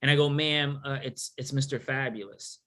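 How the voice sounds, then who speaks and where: A man's voice: medium pitch, fairly even intonation, normal speed, sharp tone. A middle-aged man from New York City telling a story casually in a Q&A, joking and acting out the voices of people he quotes. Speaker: author and thru-hiker guest.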